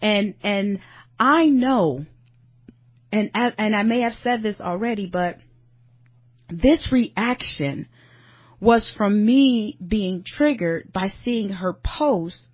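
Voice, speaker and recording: An earnest woman in her thirties tells a personal story on her podcast and talks straight to her listeners. Her voice sits at an ordinary middle pitch. The recording is dry and a little dull. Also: slow pace, no echo. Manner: earnest, confiding, addresses listeners as y'all. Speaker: podcast host.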